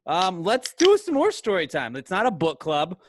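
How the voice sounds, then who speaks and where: A man's voice: sits high, huge pitch swings, normal speed, a little hiss or hum. A man co-hosting a podcast in casual chat, reacting with laid-back jokes and leading into the next segment. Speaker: podcast co-host.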